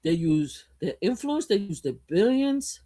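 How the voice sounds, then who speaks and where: A woman's voice: mid-range voice, big pitch swings, a little slow, warm tone. A woman hosting a live stream who tells a story in a rambling, gossipy way, with swearing and frequent lost threads. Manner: rambling and gossipy, swears, loses her train of thought. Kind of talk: casual storytelling commentary.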